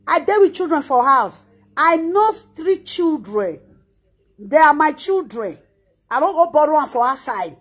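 High-voiced, impassioned Nigerian woman. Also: very animated, measured pace. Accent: Nigerian Pidgin. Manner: impassioned, scolding, repeats words. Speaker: social media commentator. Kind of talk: emotional reaction monologue.

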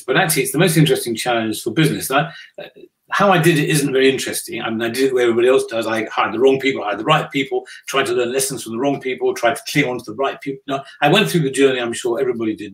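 A man's voice: medium pitch, low-quality recording. An older man from the United Kingdom, interviewed as a business leader, telling stories with dry, self-deprecating humor and frequent restarts. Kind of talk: conversational interview storytelling.

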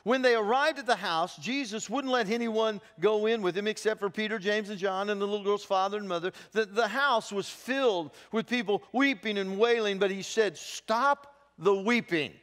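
A man's voice: sits high, a little fast, hardly any pauses, a bit bright. A man preaching a sermon as pastor, telling the story with animation and acting out the voices of people he quotes. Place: church sanctuary. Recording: long church hall reverb.

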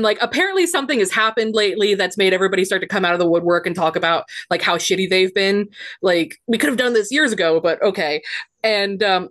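A woman's voice: medium pitch, fairly bright tone, dry recording. A woman co-hosting a podcast, explaining at length in a rambling, thoughtful casual chat. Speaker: podcast co-host.

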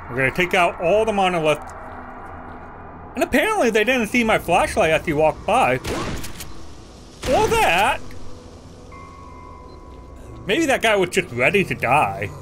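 Guy narrating his game playthrough, high voice, real animated, gasps and yells at enemies. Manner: excitable, gasps and yelps, talks to game enemies. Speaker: let's play gamer. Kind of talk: casual gameplay commentary.

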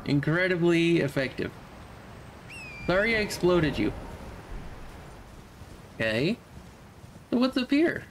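Lively, animated young man chatting through a game. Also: a little high, slow pace, long pauses, slight background noise. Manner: playful, chats to the enemies on screen. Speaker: let's play streamer. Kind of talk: casual game commentary.

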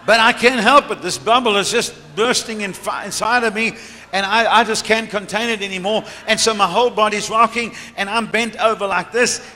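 Bright-voiced man preaching in a hall. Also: high voice. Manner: storytelling with laughter. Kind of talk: sermon testimony. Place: large church hall. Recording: reverberant church hall, faint room noise.

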